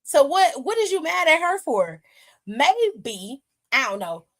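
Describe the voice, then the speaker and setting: A woman co-hosting a live stream, recapping wrestling in a blunt, profane, animated way. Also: high-pitched, slow, low-quality recording. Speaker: stream co-host. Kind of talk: casual wrestling chat.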